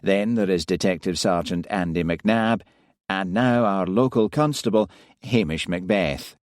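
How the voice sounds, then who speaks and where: A man's voice: deep voice, a little slow, darkish tone, no echo, clean studio sound. A man voicing a pompous, genial police superintendent who talks in an avuncular, showy way.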